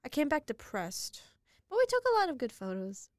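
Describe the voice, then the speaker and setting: Speaking at a normal speed in a high voice, a young podcast co-host chats casually in a clean studio recording without echo. Her storytelling is animated and full of giggles.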